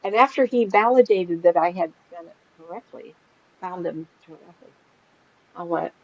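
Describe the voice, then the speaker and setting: A woman's voice: lowish voice, moderate pace. A middle-aged woman, a psychic medium, telling stories in a casual chat and laughing often. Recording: slightly dull lo-fi sound.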